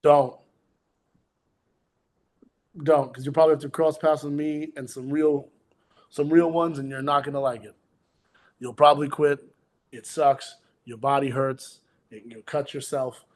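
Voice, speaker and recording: A man's voice: fairly high pitch, fairly even intonation, measured pace, pauses often. A man, a pro wrestler guest, chatting in a casual podcast interview with brash, boastful trash talk and amused storytelling.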